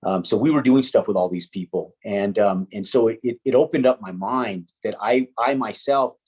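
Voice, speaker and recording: A man's voice: on the low side, moderate pace, slightly rough. A middle-aged man, an interview guest, telling a story in casual chat. He swears freely and acts out other people's lines as he talks. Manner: swears casually, animated with quoted dialogue.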